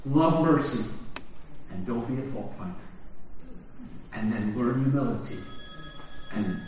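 A man preaching a sermon, asking the congregation questions and swinging from hushed, low phrases to loud shouts. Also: expressive, unhurried, long pauses, soft background music. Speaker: pastor. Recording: very echoey hall from far off.

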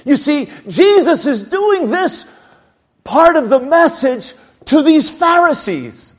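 Impassioned male preacher, lively high voice. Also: slow pace. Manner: dynamic, swings from shouting to low quiet. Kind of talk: sermon.

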